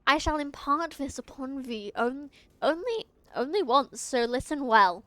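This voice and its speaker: A woman voicing a haughty young male vampire prince who speaks in pompous, old-fashioned thee-and-thou phrasing, read slowly from a game. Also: sits high, animated, a bit bright, no room sound.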